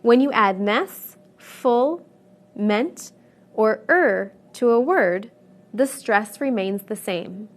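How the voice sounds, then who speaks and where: Woman teacher reading a scripted lesson; unhurried, measured, clear, a touch high-pitched. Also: animated. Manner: clear, deliberate, stresses example words. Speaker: English pronunciation teacher. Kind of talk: slow scripted lesson narration.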